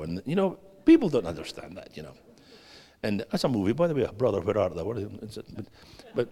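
A man preaching a sermon as a guest preacher, animated, swinging between loud and hushed and putting questions to the audience. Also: fairly low pitch, brisk. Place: church hall. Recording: long hall reverb.

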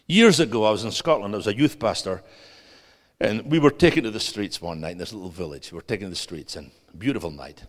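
A man preaching a sermon as a guest preacher, animated, swinging between loud and hushed and putting questions to the audience. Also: lowish voice, quick pace. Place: church hall. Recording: long hall reverb.

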